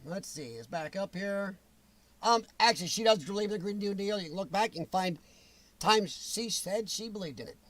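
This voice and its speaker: A man with a high-pitched voice hosts a livestream talk show. He rants bluntly and answers viewer comments. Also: moderate pace, fairly bright tone, no echo. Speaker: show host reading chat.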